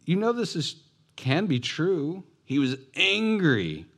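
A man's voice: fairly high pitch, very animated, takes it slowly, fairly bright tone. A man preaching a sermon who acts out the voices and asks his congregation questions. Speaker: pastor.

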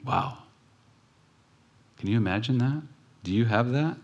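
A pastor giving a conversational sermon, telling stories with pauses and restarts. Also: male voice, medium pitch, animated, darkish tone, muffled recording.

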